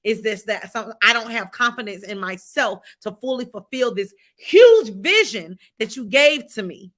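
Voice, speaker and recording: A woman's voice: on the high side, animated, moderate pace, fairly bright tone. A woman hosting a devotional livestream. She greets viewers by name, repeats her phrases and preaches with fervor. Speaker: host of a faith livestream.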